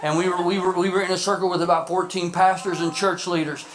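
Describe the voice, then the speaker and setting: High-voiced impassioned male preacher. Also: level tone, slight background noise, poor audio. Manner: impassioned shouting preacher, repeating phrases; drops into quick, joking storytelling. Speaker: pastor. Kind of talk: sermon. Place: church service.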